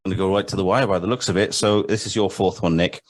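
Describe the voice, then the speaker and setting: A man co-hosting a podcast, putting lyrics quiz questions to a guest in brisk, good-humoured chat. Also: deep voice, fairly even intonation. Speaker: podcast co-host running a quiz. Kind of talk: casual chat, reading out song lyrics.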